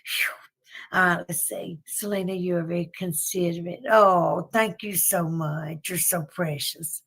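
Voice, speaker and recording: A woman's voice: lowish voice, steady tone, a little slow, fairly bright tone. A woman with a Southern US accent hosting a casual livestream, chatty and folksy, often laughing between thoughts. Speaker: livestream host.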